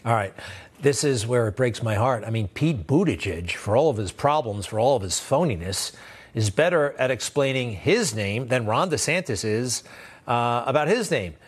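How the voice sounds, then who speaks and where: A man's voice: mid-range voice, expressive, normal speed, breathy edge. Blunt, sarcastic male news host. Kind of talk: opinionated political commentary.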